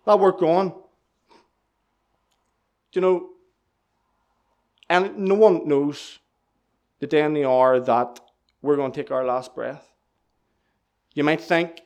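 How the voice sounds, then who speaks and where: A man preaches with urgent, pleading emphasis and keeps coming back to the same phrases. His voice sits high for a man. It is a plain evangelistic sermon aimed straight at the listener. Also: normal speed, pauses often.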